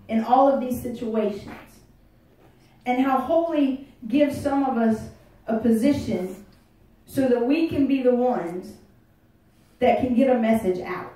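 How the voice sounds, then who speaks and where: A woman's voice: fairly high pitch, mellow. A woman pastor preaching a sermon in a church, folksy and conversational, joking with the congregation. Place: church sanctuary. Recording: echoey room, voice heard from a distance.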